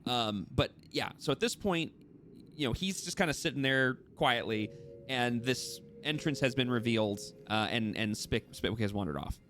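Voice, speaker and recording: A man's voice: mid-range voice, expressive, moderate pace, fairly bright tone, slight background noise. A man narrating as dungeon master for a tabletop game, rambling with many fillers and restarts.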